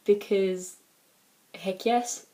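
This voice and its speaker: A woman's voice: medium pitch, steady tone, extremely slow, warm tone. A woman with an Australian accent talking casually to the camera in a personal vlog, rambling along with lots of "like" and "um". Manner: chatty, rambling, full of "like" and "um". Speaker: exchange student vlogger.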